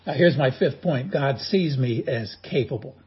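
A man's voice: medium pitch, animated, normal speed, breathy edge, muffled recording. A man preaching a sermon as a pastor, in a folksy, humorous storytelling manner.

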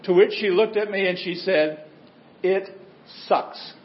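Male pastor, fairly high voice, chatty storytelling sermon, roomy church sound, slightly muffled recording. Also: normal speed, slight background noise. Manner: conversational storytelling with humor.

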